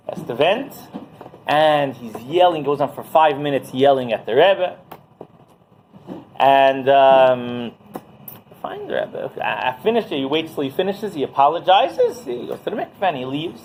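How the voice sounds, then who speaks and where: Animated rabbi telling stories. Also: male voice, mid-range voice, moderate pace, slight background noise, poor audio. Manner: animated, keeps asking "right?". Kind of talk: Torah class storytelling.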